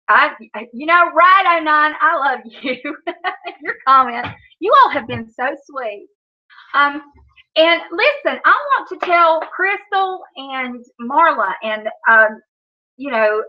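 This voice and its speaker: A woman speaks in a chatty, rambling way to her stream viewers, her voice sitting a little high. She keeps saying "you know", restarts her sentences and laughs between words. The audio is dull and lo-fi. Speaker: YouTube vlogger on a live stream. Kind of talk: casual rambling chat to viewers.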